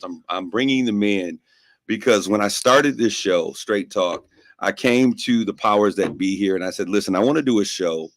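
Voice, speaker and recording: Male talk host, rallying and emphatic, low voice, dry studio sound. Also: no echo.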